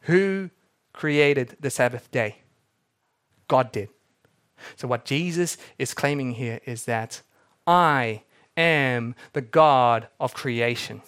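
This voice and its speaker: A man's voice: mid-range voice, slow, a bit bright, clear, resonant tone. A young adult man preaching a sermon, telling the story with energy and acting out the characters he quotes. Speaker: pastor.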